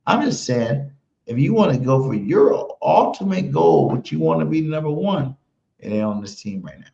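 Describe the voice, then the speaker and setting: A man's voice: fairly high pitch, animated, moderate pace, creaky, dark tone. A man co-hosting a casual sports talk show, arguing his point with emphasis. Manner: argumentative, emphatic. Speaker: co-host. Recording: roomy, dull lo-fi sound.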